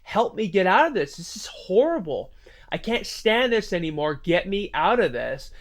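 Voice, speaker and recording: A man voicing an injured young man stuck on a cliff, pleading desperately for help in high strained cries. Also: very animated, moderate pace.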